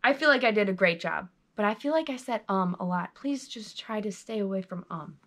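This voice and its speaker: A woman's voice: mid-range voice, expressive, fairly quick, fairly bright tone. A young woman giving chatty, bubbly interview tips to her viewers, recorded on a GoPro camera. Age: young adult. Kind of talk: casual tips vlog.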